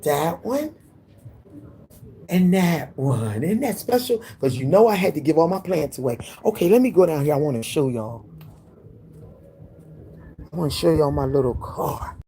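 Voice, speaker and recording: Faint rain can be heard as a man carries his phone from indoors out into his yard, hosting a casual live stream. His slightly high voice is expressive and dark-toned, at a moderate pace with long pauses and a touch of hiss or hum; he laughs a lot and says hello to viewers by name.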